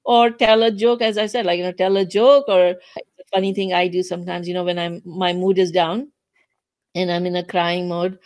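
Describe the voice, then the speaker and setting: A woman's voice: on the low side, flat delivery, moderate pace, a little mellow, dry recording. Dry-sounding woman host. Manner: hesitant, with many fillers and restarts. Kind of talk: casual interview chat.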